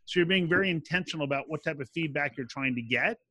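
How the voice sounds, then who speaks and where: Bright-voiced man explaining sales methods. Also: a little high, fast talker, dry recording. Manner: animated, acts out quoted dialogue. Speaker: sales expert guest. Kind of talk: interview answers, explaining.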